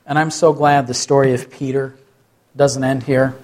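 A man's voice: medium pitch, flat delivery, normal speed, a little mellow. A man, a pastor, preaching a sermon with many questions to the listeners and short acted-out quotes.

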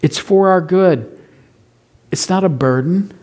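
Slow, rhetorical male preacher. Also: high-pitched, darkish tone. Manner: asks the room rhetorical questions, playful asides. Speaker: pastor. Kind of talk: sermon.

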